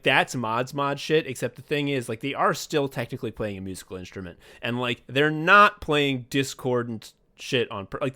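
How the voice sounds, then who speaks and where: A man's voice: medium pitch, pushed and bright. Sardonic, swearing male podcast host. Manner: profane, sardonic, acts out whiny voices. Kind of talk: casual comedic chat.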